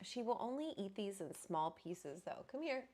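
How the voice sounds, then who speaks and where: A woman's voice: medium pitch, animated, normal speed, warm tone. A woman hosting a casual livestream, chatty and rambling as she greets viewers by name. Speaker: host.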